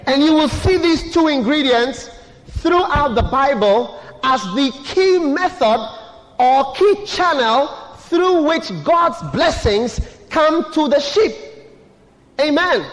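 The sermon comes from a male pastor with a high voice, who calls out questions for his congregation to answer. The church hall is large, leaving a long echo on the recording.

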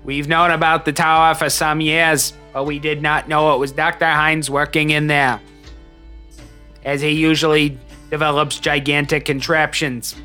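A man's voice: on the high side, flat delivery, normal speed, sharp tone, soft background music. A man narrating as game master in a tabletop game, loose and joking with hesitations.

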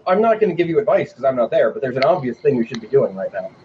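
A man playing in a tabletop game, joking around in an animated way. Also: medium pitch, very fast. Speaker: player. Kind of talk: casual tabletop play. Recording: distant dull call audio with faint hiss.

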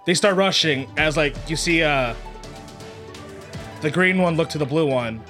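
A man's voice: fairly high pitch, unhurried, sharp tone. A man with a slightly raised voice runs a tabletop game as game master. He describes each scene loosely, with many fillers and restarts, over faint music. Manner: rambling descriptions full of likes and uhs.

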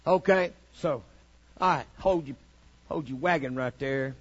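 A man preaching a fiery sermon, swinging from shouted lines to low, mocking asides. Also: measured pace, breathy edge. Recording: dull lo-fi recording.

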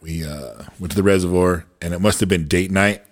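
A man co-hosting a podcast, telling stories in a laid-back, halting way. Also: low voice, steady tone. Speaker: podcast co-host. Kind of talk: casual podcast banter.

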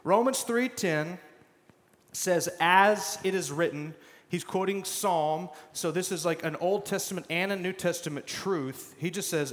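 A man's voice: a little high, moderate pace. A middle-aged male pastor preaching a sermon in a casual, conversational way, full of fillers, asides and self-deprecating humor. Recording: long hall reverb.

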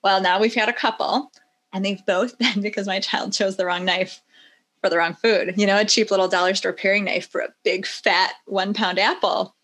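A middle-aged woman talks as a podcast guest in a casual, emphatic way. She sounds enthusiastic and speaks in a medium-pitched voice. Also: normal speed. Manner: enthusiastic, emphatic, animated when acting out stories. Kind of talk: casual interview chat.

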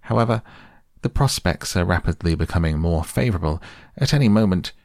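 A man with a husky, gravelly voice voicing a pompous, long-winded old owl in a storybook reading. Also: low-pitched, expressive, a little mellow, no room sound, clean studio sound. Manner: pompous, slow and wordy.

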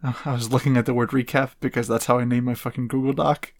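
A man co-hosting a podcast in casual chat, relaxed and agreeable with some hedging. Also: mid-range voice, quick pace. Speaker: podcast co-host.

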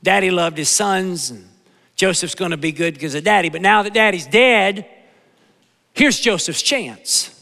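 A man's voice: high-pitched, normal speed, vocal fry, pushed and bright, in a large hall. A male pastor preaching a sermon in a folksy, emphatic way, with humor and repeated phrases. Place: church sanctuary.

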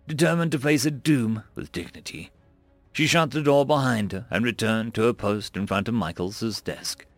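A man's voice: fairly low pitch, a bit bright, no room sound. A man narrating a story with wry, playful asides. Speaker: audiobook narrator.

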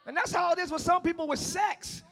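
A male pastor preaching a passionate sermon, swinging between shouting and hushed tones and talking straight to the congregation. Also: very high voice, a little fast, vocal fry. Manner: talks directly to the congregation, calling them y'all.

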